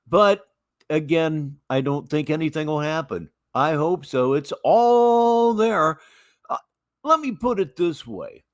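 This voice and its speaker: A man's voice: medium pitch, fairly bright tone, dry recording, clean studio sound. A middle-aged man hosting a casual livestream, reading viewer messages aloud and rambling on with repeats. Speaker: livestream host.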